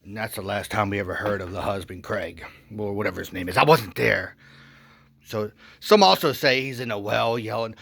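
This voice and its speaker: A man telling a rambling satirical comedy story with goofy, deadpan asides. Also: lowish voice, normal speed, gravelly, slightly rough.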